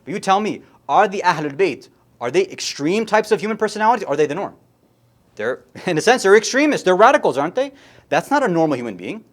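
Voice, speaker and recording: This sermon at an Islamic centre comes from a fast-talking man with a high-pitched voice and big pitch swings. He rises into an impassioned, mournful, tearful retelling, with long hall reverb on the recording.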